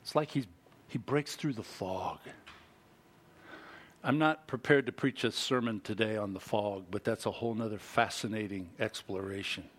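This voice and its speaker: A middle-aged man preaching a sermon as pastor, animated and full of rhetorical questions to the congregation. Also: on the low side, normal speed.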